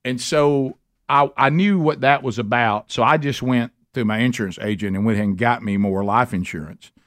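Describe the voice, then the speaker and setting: A man's voice: medium pitch, moderate pace, a bit bright, no room sound, clean studio sound. A middle-aged man, hosting a comedic talk radio show and telling rambling stories with lots of restarts.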